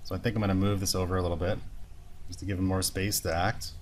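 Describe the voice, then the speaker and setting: A man with a fairly low voice walks through a drawing tutorial, narrating every step as he goes. His tone is relaxed and explanatory, as if he is thinking out loud. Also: quick pace, slight background noise. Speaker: animation instructor. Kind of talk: screen-recorded software tutorial.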